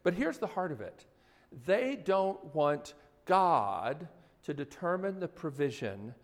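A man's voice: a little high, big pitch swings, slow pace. A man preaching a sermon as pastor, talking conversationally and putting many questions to his audience. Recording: hall reverb.

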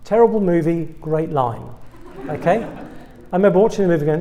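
A man's voice: a little high, animated, a little fast, mellow. A man from England with an English accent, a guest preacher giving a humorous sermon to students, full of self-deprecating, wry asides.

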